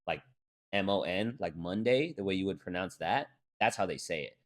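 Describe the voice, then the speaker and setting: Casual guy, lowish voice. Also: animated, normal speed. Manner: loose and swearing, lots of fillers. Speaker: podcast co-host. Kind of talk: casual chat.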